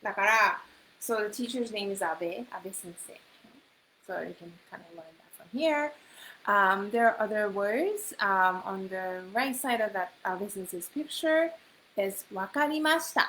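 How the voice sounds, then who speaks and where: A woman teaching a Japanese lesson, going through each phrase patiently and saying it again and again. Her voice is bright and clear, and she speaks slowly. A faint hiss sits under the recording. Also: mid-range voice, lively intonation, rough recording. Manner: explains phrases slowly, repeats them, mixes Japanese into English. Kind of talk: online language class.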